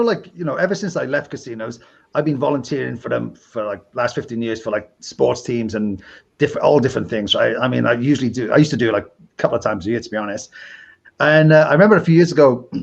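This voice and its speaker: A middle-aged man from Wales with a Welsh accent, a podcast host chatting casually and telling lively stories. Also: mid-range voice, quick pace, creaky, muffled recording. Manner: animated storyteller, acts out quoted people. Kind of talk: casual chat.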